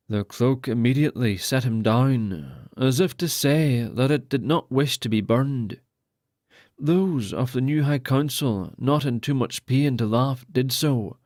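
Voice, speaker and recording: A man reads a fantasy audiobook as narrator, delivering scripted fantasy narration. His mid-range voice is a little slow with a darkish tone, in clean studio sound with no room sound.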